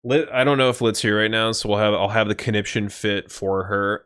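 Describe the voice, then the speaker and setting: A man's voice: fairly low pitch, steady tone, fairly quick, fairly bright tone, clear, resonant tone. A man casually chatting and joking on a live stream while playing a game, sometimes breaking into song. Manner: joking, sings song snippets.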